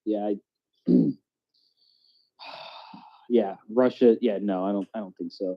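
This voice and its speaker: A man's voice: fairly low pitch, fairly even intonation, takes it slowly, pauses often. A man co-hosting a podcast in casual chat, rambling loosely and often asking "you know what I mean". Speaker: podcast co-host. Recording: dull lo-fi audio.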